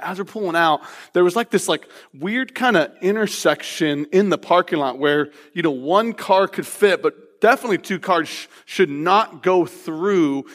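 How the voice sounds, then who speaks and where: A male pastor preaching a sermon, telling a personal story in an animated, laughing, casual way before moving into scripture. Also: fairly high pitch. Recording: long reverb of a large hall.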